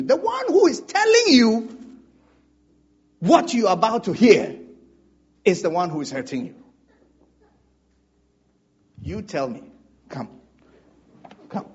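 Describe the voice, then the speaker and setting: Male pastor, husky, high-pitched and animated; sermon style with call-and-response. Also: a little slow, long pauses, highs cut off.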